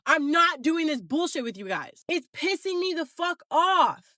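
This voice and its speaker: Woman with a very high, sharp voice, furious profane rant, dry sound. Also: expressive, normal speed, dry recording. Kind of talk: casual rant to camera.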